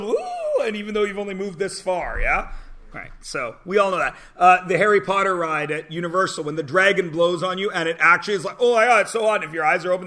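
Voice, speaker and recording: This is a male math teacher in his forties lecturing a high school class, keeping things loose and jokey with students. His voice sits high with a sharp edge.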